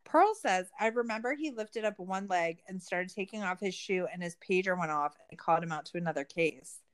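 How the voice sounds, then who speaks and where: A woman's voice: lowish voice, fairly quick. A woman co-hosting a casual true-crime recap, sarcastic and profane, full of "like" fillers. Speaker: podcast co-host.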